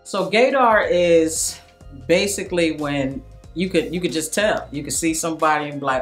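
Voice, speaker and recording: A woman giving casual comedic commentary to camera, telling animated stories, acting out the quotes and laughing often. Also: sits low, normal speed, soft background music. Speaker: cast member.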